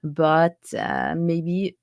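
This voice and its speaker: A woman speaking casual English with a put-on French accent, as a quick demonstration. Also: deep voice, big pitch swings, vocal fry, darkish tone, dry recording, highs cut off, heavily acted. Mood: playful.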